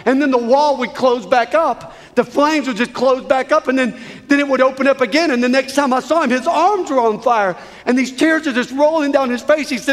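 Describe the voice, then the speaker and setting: A man preaching a sermon, telling a story with rising emotion, his voice swelling from hushed to almost shouting. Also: very high-pitched, a little fast. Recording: long hall reverb.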